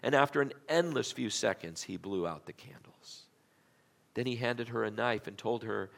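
A man's voice: mid-range voice, moderate pace, vocal fry. A male pastor preaching a sermon, telling a story dramatically in a church auditorium. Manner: dramatic storytelling, gets loud at the tense parts.

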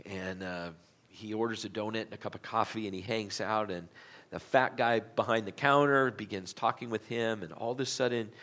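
A man's voice: on the low side, steady tone, moderate pace. A male pastor preaching a sermon, telling a story dramatically in a church auditorium. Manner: dramatic storytelling, gets loud at the tense parts.

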